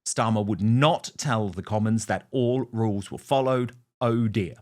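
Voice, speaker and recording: A man's voice: on the low side, a little slow, darkish tone. A man hosting political commentary, scornful and punchy, mocking his targets. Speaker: host.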